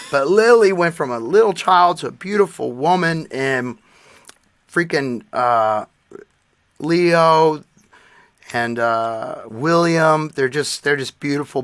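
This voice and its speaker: A man's voice: on the high side, measured pace, a bit bright, no echo. A man in his forties co-hosting a podcast, telling earnest, emotional stories in casual chat. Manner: earnest storytelling, emotional tribute. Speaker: podcast co-host.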